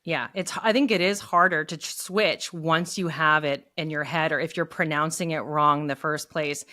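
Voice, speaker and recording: Woman author guest, slightly low voice, explanatory. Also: fairly even intonation, moderate pace, bright, forceful tone. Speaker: podcast guest, children's book author. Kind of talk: casual conversational interview.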